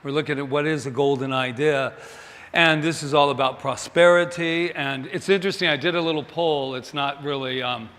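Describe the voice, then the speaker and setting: A man's voice: a little high, fairly even intonation, normal speed, a bit bright, long reverb tail. A male minister giving a Sunday sermon in a chatty way, joking with the congregation and asking them questions.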